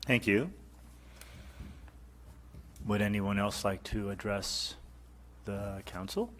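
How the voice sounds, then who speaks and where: A man with a low voice running a council meeting, keeping things brief and low-key. A faint hiss of noise sits under his voice. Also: takes it slowly, a bit bright. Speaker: meeting chair. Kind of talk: chairing a meeting. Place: council chamber.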